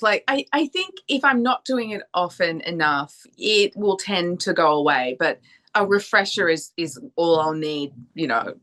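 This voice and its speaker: An Australian woman voice actor chatting in an interview, animated and laughing, slipping into playful voices. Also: on the low side, measured pace. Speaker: voice actor and singer guest. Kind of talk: casual interview chat.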